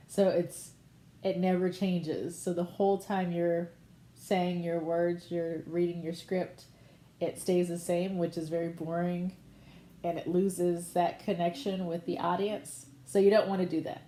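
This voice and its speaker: A woman's voice: fairly low pitch, flat delivery, a little slow, warm tone, echoey room, slight background noise. A woman teacher patiently explaining voiceover delivery in a conversational online lesson.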